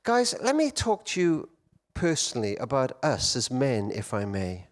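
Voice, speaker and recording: Animated middle-aged male conference speaker. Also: medium pitch, measured pace. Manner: animated storyteller, wide swings between loud and hushed. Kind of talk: storytelling talk to men.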